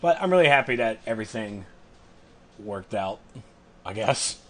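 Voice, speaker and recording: A man's voice: on the low side, expressive, moderate pace. A young man co-hosting a gaming podcast, reading forum posts aloud and chatting in a self-deprecating, easygoing way. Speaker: podcast co-host. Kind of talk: casual gaming podcast chat.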